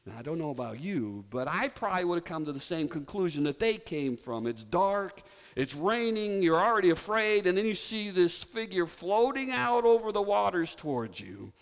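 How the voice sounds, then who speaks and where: Male pastor, high lively voice, animated sermon storytelling, long hall reverb. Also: moderate pace, few pauses. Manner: animated storytelling preacher, leads congregation in call-and-response.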